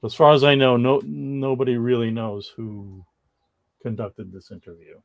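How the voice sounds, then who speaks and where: Gravelly man chatting on a livestream. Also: mid-range voice, flat delivery, moderate pace. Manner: rambling, laughs often, reads viewer comments aloud. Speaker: co-host of a comics history livestream. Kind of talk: casual livestream chat.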